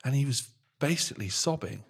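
British male musician guest, loose sweary anecdotes, mid pitch, drifts quiet. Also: lively intonation, fairly quick, vocal fry, breathy edge. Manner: swears freely, drops into a low mutter mid-story. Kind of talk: casual chat.

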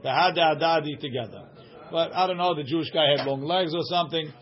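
A man teaching a small study group reads aloud and translates each line as he goes. He often asks "right?" and his voice sits a little high. The recording sounds dull and lo-fi. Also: quick pace. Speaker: Talmud teacher.

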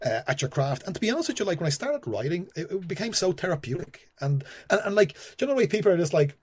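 A man's voice: on the high side, sing-song, fast talker, hardly any pauses, darkish tone, husky. A young Irish man, a screenwriter, chatting in an interview and rambling with lots of "like" and "you know". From Ireland. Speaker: screenwriter guest. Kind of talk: casual interview chat.

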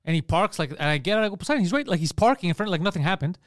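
Fast, high-voiced man telling a wild story. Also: dry recording, clean studio sound. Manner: animated, profane, re-enacts shouted arguments. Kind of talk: casual comedic storytelling.

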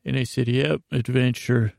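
A man telling a rambling comedic story in a deadpan, awkward way, stammering and correcting himself often. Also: mid-range voice, moderate pace, gravelly, dry recording, clean studio sound. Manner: stammering, with many restarts and self-corrections.

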